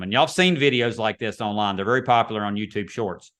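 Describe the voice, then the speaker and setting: A man's voice: mid-range voice, moderate pace, fairly bright tone, smooth. Chatty man teaching a webinar. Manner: casual, chatty, repeats himself. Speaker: real estate instructor.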